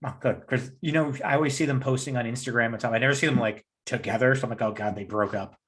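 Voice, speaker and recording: A man co-hosting a casual podcast chat in a relaxed, agreeable way, swearing now and then. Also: mid-range voice, rapid-fire. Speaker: podcast co-host.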